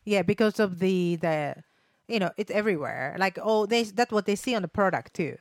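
A woman co-hosting a podcast in casual chat, speaking simple English with non-native grammar and hesitant pauses. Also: mid-range voice, expressive, dry recording, clean studio sound. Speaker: podcast co-host.

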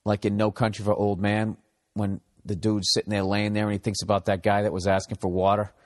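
A man's voice: fairly low pitch, level tone, fairly quick, big-room sound. A man hosting a solo podcast, telling stories in a profane, self-mocking ramble. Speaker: podcast host.

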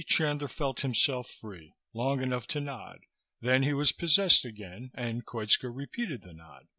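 A man narrates a novel in steady, scripted storytelling with a lively pitch. His tone is bright and the recording is close and dry. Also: a little slow, no room sound. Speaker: audiobook narrator.

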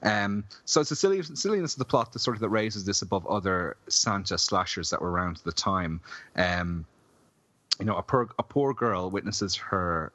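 A man with a very low voice rambles through a film review, stopping on fillers and cracking jokes. The sound is dull and lo-fi in a dry, close space. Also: a bit bright, no room sound. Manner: rambling, filler-heavy, jokey. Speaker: podcast co-host, film reviewer. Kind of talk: casual chat. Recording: dull lo-fi dry podcast audio.

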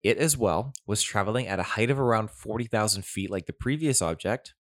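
A man's voice: on the low side, a little fast, no echo, studio quality. A man hosting an opinionated commentary vlog, talking in a conversational, skeptical way with digressive asides. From Canada. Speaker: commentary channel host.

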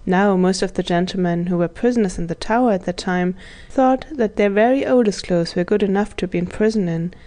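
A woman narrating a children's storybook in a measured, even reading voice. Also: medium pitch. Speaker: audiobook narrator.

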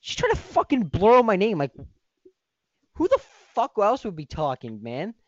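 A man's voice: high voice, huge pitch swings, moderate pace, no echo, lo-fi sound. A man hosting a podcast, ranting in a heated, profane, rambling way. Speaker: podcast host. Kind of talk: casual podcast rant.

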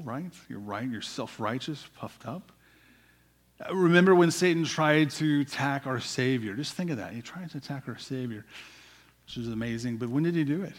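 A man preaching a sermon, asking his listeners questions and often adding "right?", sometimes dropping to a quiet voice for emphasis. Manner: asks the congregation questions, frequent "right?" and repeated words; drops to a quiet, low voice for emphasis.

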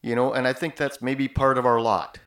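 A man's voice: mid-range voice, level tone, a little fast, fairly bright tone. A male musician hosting a casual interview, talking in a reflective, conversational way. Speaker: host musician.

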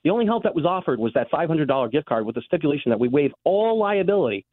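A man's voice: a little high, very animated, no echo. A man calls in to a radio show over a thin, phone-like line, his voice dry and close. He speaks earnestly and with strong feeling, stumbling over restarts as he gets emotional. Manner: upset, earnest, halting with restarts. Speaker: caller.

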